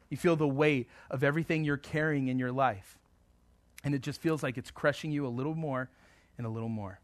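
A man preaching a sermon as a pastor, moving between quiet, tender passages and fervent, rising appeals. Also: medium pitch, no echo. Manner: emphatic preaching that swings between hushed and fervent.

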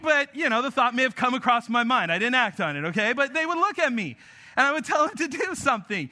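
A man's voice: extremely high pitch, very animated, quick pace, sharp tone. A man in his thirties preaching a sermon, talking with the congregation in a conversational, joking way. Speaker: pastor.

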